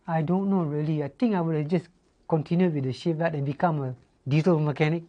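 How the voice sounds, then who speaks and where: A woman from Singapore answers earnestly, pausing on fillers as she searches for words. Her voice is on the low side and the sound is a little dull. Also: fairly even intonation, mellow. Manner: halting, with many fillers, earnest. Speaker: veteran singer and guest. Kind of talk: casual interview answers.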